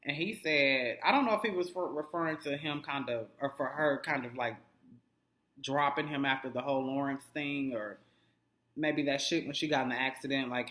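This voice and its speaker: A young adult man with a medium-pitched, slightly bright voice casually recaps a TV episode as a vlogger. He swears constantly and acts out the characters' lines, recorded in an echoey room.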